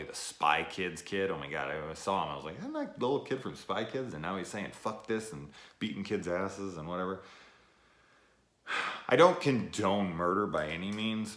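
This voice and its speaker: A man giving a casual, rambling movie review, cursing often and trailing off into fillers. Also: a bass voice. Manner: rambling, profane, animated, full of fillers. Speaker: film reviewer. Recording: echoey room.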